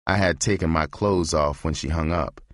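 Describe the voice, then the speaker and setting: A man narrating a novel as an audiobook reading, in a measured, steady way. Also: a bass voice, no echo, studio quality.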